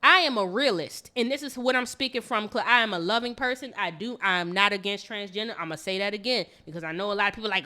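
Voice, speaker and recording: Woman co-host, bright, sharp tone, emphatic storyteller. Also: medium pitch, fast, few pauses. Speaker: podcast co-host. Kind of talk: casual chat.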